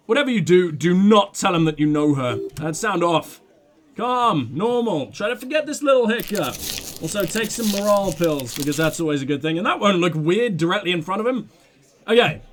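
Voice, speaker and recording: A man hosting a let's play of a detective game, excitable, swearing and laughing as he reads dialogue aloud. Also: high voice. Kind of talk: gaming commentary and reading dialogue aloud.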